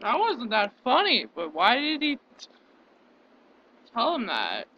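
A young man casually commenting on meme clips as he reacts to them, quick to protest. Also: very high voice, wildly swooping pitch, bright, forceful tone, lo-fi sound, a little hiss or hum. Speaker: reaction video host.

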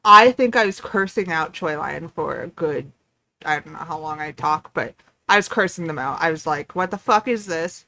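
A young woman hosting a reaction video, chatting casually with excited outbursts and swearing. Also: sits low, normal speed, gravelly.

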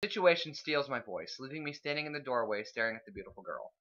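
A man's voice: medium pitch, big pitch swings, quick pace, a bit bright, lo-fi sound. A man reading visual novel narration aloud during a casual let's play, laughing between lines.

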